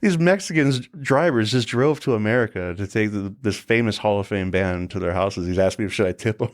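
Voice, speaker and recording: A man working in celebrity security, telling profane, animated stories as a podcast guest and acting out the people in them. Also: lowish voice, a little fast. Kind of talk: casual anecdotal storytelling.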